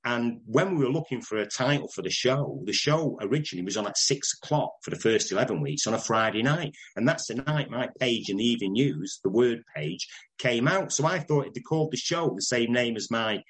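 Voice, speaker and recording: An older man with a Manchester accent, telling stories in a casual interview, chatty and quick to laugh. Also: mid-range voice, expressive, fairly bright tone, breathy edge, poor audio. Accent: Northern English, Manchester. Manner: chatty anecdotal, laughs often, does voices in stories. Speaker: interviewee, broadcaster.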